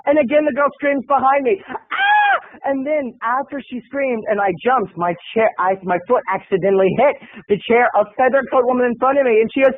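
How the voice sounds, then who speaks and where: A man, a video blogger, telling a story as an animated, theatrical monologue and acting out the other people's voices. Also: very high-pitched, brisk, few pauses, narrow, tinny audio.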